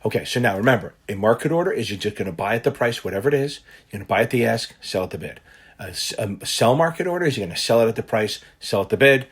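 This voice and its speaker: A man tutoring for a finance exam, explaining concepts through an animated, loosely told personal story with the odd swear word. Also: on the low side, quick pace, slightly rough. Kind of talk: casual lesson told through a personal anecdote.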